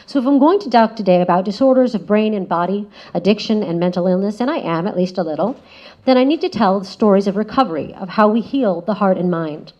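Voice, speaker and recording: A woman giving a prepared spoken essay as a guest speaker, measured and reflective, often letting her phrases trail off softly. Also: mid-range voice, expressive. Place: lecture room. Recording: slightly dull lo-fi audio.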